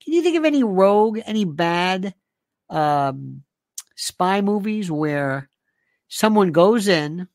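A man's voice: sits high, big pitch swings, takes it slowly, a little mellow, dry recording. A man delivering a rambling monologue, firing off sarcastic rhetorical questions and repeating himself for emphasis.

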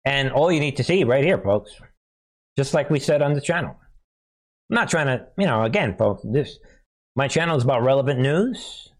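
A man's voice: mid-range voice, normal speed. Chuckling man hosting political commentary. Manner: animated, chuckling often, addresses viewers as folks. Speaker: political commentary channel host.

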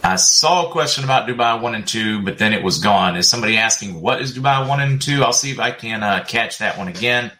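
A man's voice: mid-range voice, lively intonation, brisk, hardly any pauses, sharp tone, slight background noise. A middle-aged man hosting a casual livestream, chatting and reading viewer comments aloud with frequent laughs. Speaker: livestream host.

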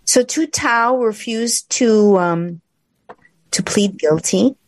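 A woman talking on a talk show, rambling from story to story with sarcastic asides. Her voice sits at a middle pitch and sounds dry and close, with no room echo. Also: slow pace. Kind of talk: casual chat.

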